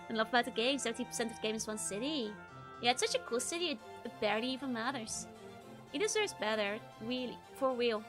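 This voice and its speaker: Giggly high-voiced woman streamer. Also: animated, a little fast, music in the background. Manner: giggly, chatty. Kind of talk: casual game commentary.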